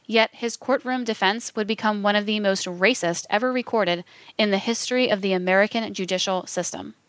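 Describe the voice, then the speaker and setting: A woman delivers scripted documentary narration at an even, measured pace, reading each passage with formal care. Her voice sits at a middling pitch. The sound is close and dry, with no room around it. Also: no room sound. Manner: measured, reads quotations aloud with formal announcements.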